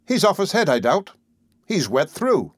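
A man's voice: high voice, very animated, measured pace, husky, no room sound, studio quality, pitched above the performer's own voice, exaggerated voice. A man reading aloud voices a village innkeeper who speaks firmly and plainly. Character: firm, conciliatory male village innkeeper.

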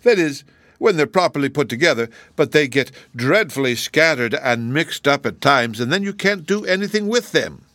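A weepy female kangaroo wails and stammers in a shrill, squeaking voice, as a man puts her on. She is fussy and tearful, her words breaking on every sob in this storybook reading. The recording is close and dry. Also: lively intonation, normal speed, fairly bright tone, no room sound. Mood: plaintive. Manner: stammering through sobs, very high wailing voice.

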